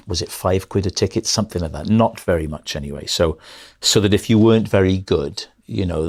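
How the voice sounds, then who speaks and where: A middle-aged male comedian chatting as a podcast guest, telling rambling anecdotes and correcting himself often. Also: sits low. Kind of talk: casual podcast chat.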